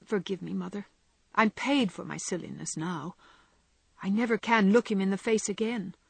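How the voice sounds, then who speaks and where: A woman voicing a gentle young woman who speaks in a pleading, distressed way. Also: medium pitch, normal speed, gravelly, husky, no room sound. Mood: ashamed.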